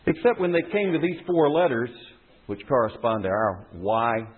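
Male pastor, lively teaching sermon, husky, thin phone-like sound. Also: mid-range voice, moderate pace. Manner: teaching, explanatory, repeats phrases for emphasis.

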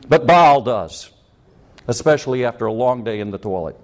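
A man's voice: mid-range voice, sing-song, a little slow, pauses often. A man preaching a sermon, cracking jokes and acting out scenes in voices. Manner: jokey, acts out scenes in voices. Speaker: pastor.

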